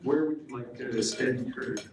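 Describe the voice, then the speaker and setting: A man's voice: medium pitch, a little fast, darkish tone, slight background noise, close to an everyday voice. A man voicing Saint Peter in a joke during a speech, friendly and folksy, in an echoey hall. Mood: genial. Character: Saint Peter, genial older male gatekeeper. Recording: echoey hall, mic from far off.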